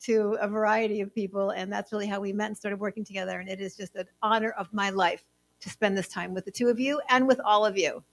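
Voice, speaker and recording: A woman co-hosting a live conference, bubbly and excited as she addresses the room. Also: mid-range voice, fast talker. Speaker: co-host. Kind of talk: live event emcee talk.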